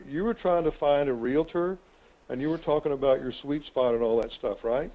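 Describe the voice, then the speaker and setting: A man's voice: fairly high pitch, brisk. A man hosts an online real estate coaching call, talking in a folksy, rambling, chatty way. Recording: tinny phone-like web call audio.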